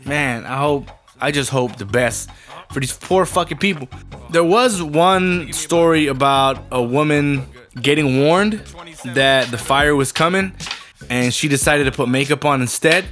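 A heated man on a profane, rambling rant, losing his thread and restarting. His voice sits a bit high for a man, and faint music plays underneath. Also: measured pace, a bit bright. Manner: heated, rambling, swears constantly, trails off and restarts.

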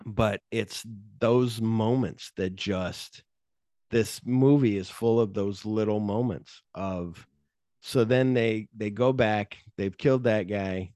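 A man's voice: fairly low pitch, slow, darkish tone, no room sound, studio quality. A man co-hosting a podcast, retelling film scenes in a loose, rambling way with plenty of swearing. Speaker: podcast co-host. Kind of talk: casual movie-discussion chat.

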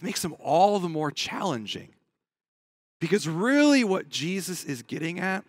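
Male pastor, sermon, dramatic delivery, high voice, dry close sound. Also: expressive, a little slow, sharp tone, no echo. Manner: dramatic, acts out quoted pleas with rising intensity.

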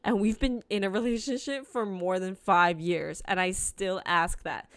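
A woman's voice: mid-range voice, steady tone, moderate pace, hardly any pauses, dry recording. A young woman hosting a podcast, talking candidly and profanely in a casual confessional monologue and laughing often. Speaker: podcast host.

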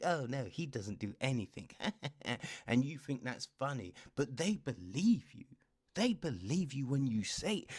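A man giving a casual film review, profane and animated, often dropping into a whisper and checking in with the listener. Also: medium pitch, slightly rough. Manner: keeps checking in with "you know what I mean".

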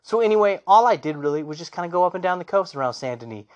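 Animated gaming host, fairly high-voiced man. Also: rapid-fire, lo-fi sound. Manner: animated, enthusiastic storytelling. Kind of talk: casual solo gaming talk.

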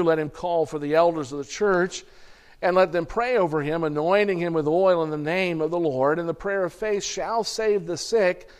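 A man preaching a sermon, reading scripture aloud and speaking to the congregation as "folks," with the odd throat-clear and restart. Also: fairly high pitch, a little mellow.

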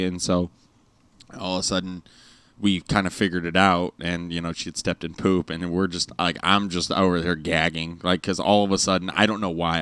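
Very deep-voiced dad telling rambling stories. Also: male voice, fairly bright tone, no echo. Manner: rambling, lots of fillers and restarts. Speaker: father and podcast host. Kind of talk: casual storytelling chat. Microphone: studio microphone with headphones.

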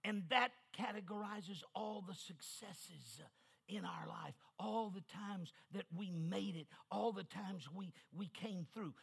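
A man's voice: sits high, slow pace, vocal fry, fairly bright tone, breathy edge. An older man from New Mexico preaching an emphatic revival sermon as guest preacher, with personal stories and repeated calls to the listeners.

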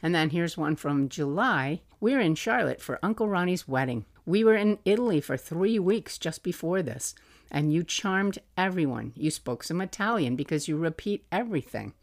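A middle-aged woman with a low voice reads from a journal she once kept for her little boy. Her delivery is fond and motherly, broken now and then by soft laughs. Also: lively intonation, moderate pace. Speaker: podcast host. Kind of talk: reading aloud from a family journal.

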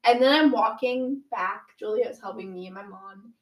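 A woman's voice: mid-range voice, normal speed, echoey room, poor audio. A teenage girl telling a dramatic story from her own life in casual chat, full of "like"s and acted-out quotes. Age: teens. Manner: animated, dramatic retelling with many "like"s.

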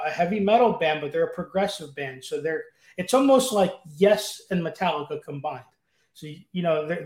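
Enthusiastic man in an echoey room. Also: fairly high pitch. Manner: enthusiastic, rambling with fillers. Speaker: podcast guest. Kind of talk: casual chat. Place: room at home with guitars.

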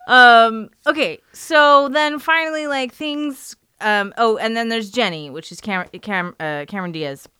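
A woman's voice: on the high side, unhurried, hardly any pauses, bright, forceful tone, smooth, no echo. A woman co-hosting a podcast, chatting casually about movies, laughing often and swearing freely. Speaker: podcast co-host.

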